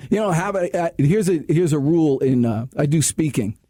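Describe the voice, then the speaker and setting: A man hosting a sales talk radio show, preaching tips in an animated way and laughing at himself. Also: on the high side, fairly quick.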